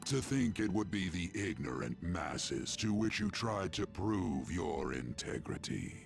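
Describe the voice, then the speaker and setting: Igor, an ancient, ominous dream-realm master. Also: male voice, big pitch swings, over music, heavily acted. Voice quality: deep gravelly. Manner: slow, grave, cryptic pronouncements. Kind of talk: dubbed video game dialogue.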